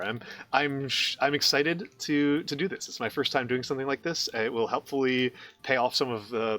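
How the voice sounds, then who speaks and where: A man hosting a casual stream chat, his voice bright and forward. He stops and restarts often, with lots of fillers and repeated words, but keeps a friendly, easygoing pace. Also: mid-range voice. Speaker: streamer host.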